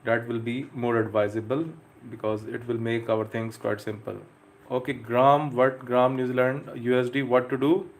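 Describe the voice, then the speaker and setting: A young man hosting a live stream who talks to his chat in a loose, halting way, full of "uh" and restarts. His voice sits at an ordinary middle pitch for a man. He keeps calling out viewers' names and answering them as he goes. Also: level tone. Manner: hesitant, many fillers, reads chat names aloud. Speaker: live trading stream host.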